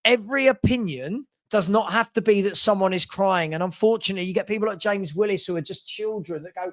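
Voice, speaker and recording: A man's voice: high voice, fairly quick, few pauses. A man hosting a live-stream football Q&A, reading out viewer questions and answering bluntly, often stumbling and repeating himself.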